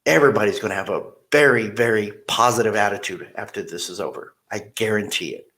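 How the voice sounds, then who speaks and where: A man's voice: fairly low pitch, fast talker, bright, forceful tone. A man hosting a podcast, chatting casually and telling rambling, blunt stories. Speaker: podcast host. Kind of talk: casual interview chat.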